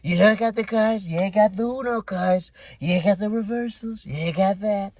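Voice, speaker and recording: A man voicing a loud, blustering older male leader who scolds in short, repeated jabs. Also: high voice, moderate pace, no room sound, clean studio sound, voice pushed up. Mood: scolding.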